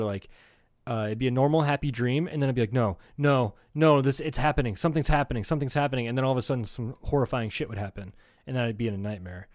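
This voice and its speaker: A man's voice: medium pitch, a little mellow, no room sound. Easygoing man, dry podcast mic. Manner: easygoing, reflective, swears casually. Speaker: podcast co-host. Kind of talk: casual comedy podcast chat.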